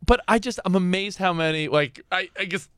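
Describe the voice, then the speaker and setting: High-voiced guy rambling thru a bar story, stops and restarts a lot. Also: a bit bright, smooth, no echo, studio quality. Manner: rambling, halting, retells a story. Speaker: podcast host. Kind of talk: casual storytelling.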